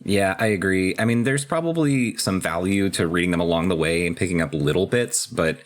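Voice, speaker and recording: A man co-hosting a podcast, casually recapping and discussing a video game in a relaxed, chatty way. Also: deep voice, fairly quick. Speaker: podcast co-host.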